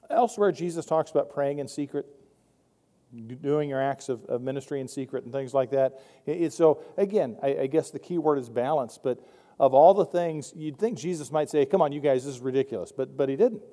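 A man preaches a sermon in a mellow, slightly raised voice, talking in a loose and wry way and often starting sentences over. The voice rings with the long reverb of a large hall. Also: fairly high pitch, normal speed. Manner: conversational, wry, with frequent restarts. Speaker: pastor.

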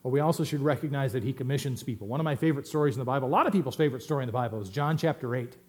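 A middle-aged man preaching a sermon as pastor, swinging between loud emphatic stresses and quiet asides. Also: mid-range voice, racing.

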